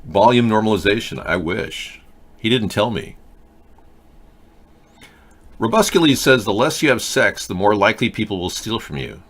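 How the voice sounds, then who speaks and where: A man's voice: fairly low pitch, lively intonation, normal speed, long pauses, fairly bright tone. A man hosting a live video chat show, answering viewer comments in a blunt, lecturing, argumentative way on a webcam mic. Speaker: host.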